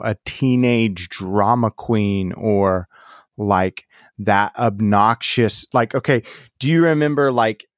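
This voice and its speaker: A man in casual political chat, talking slowly and rambling, often trailing off mid-thought. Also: lowish voice, dry recording, studio quality.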